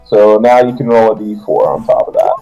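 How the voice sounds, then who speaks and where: A man narrating as game master, laughing often and lively in his storytelling. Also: lowish voice, a little fast, gravelly, muffled recording, soft background music.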